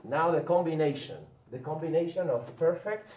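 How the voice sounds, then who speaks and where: A man teaching an English grammar lesson. He explains slowly, repeats and stresses key words one at a time, and keeps checking that the listener follows. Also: a little high, echoey room, highs cut off.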